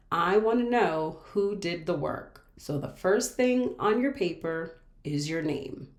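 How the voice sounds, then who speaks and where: A woman teaching a reading lesson to children, speaking slowly and patiently and repeating each word with care. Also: on the low side, reverberant. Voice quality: patient, repeats words carefully. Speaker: special education teacher. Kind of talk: slow, clear classroom instruction for children.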